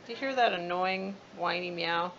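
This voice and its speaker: A woman's voice: lowish voice, moderate pace, gravelly, a bit bright, a little hiss or hum. A woman vlogging casually from her backyard and home. She rambles along chattily and coos at her cats. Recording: dull lo-fi home video.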